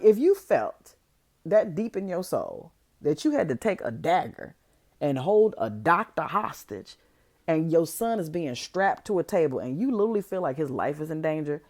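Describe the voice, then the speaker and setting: A woman hosting a podcast, recapping a movie in a casual, slangy way, full of "like" and lively asides. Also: low voice. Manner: animated, filler-heavy, slangy storytelling. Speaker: podcast host.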